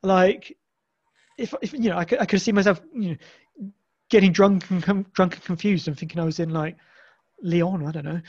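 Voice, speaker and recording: An English man with a fairly high voice talks loosely, circling back and restarting his sentences often. The sound is dull and lo-fi, like a modest home setup. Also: fairly even intonation, moderate pace, long pauses, darkish tone, slightly rough. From England. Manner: rambling, many restarts and fillers. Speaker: guest. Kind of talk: casual podcast conversation.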